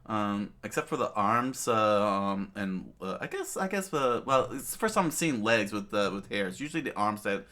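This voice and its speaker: A middle-aged channel host reads a manga and comments on it casually, rambling with lots of fillers, restarts and asides like "you know what I'm saying." His fairly low voice is bright and forceful, swings widely in pitch, and flows at normal speed with few pauses.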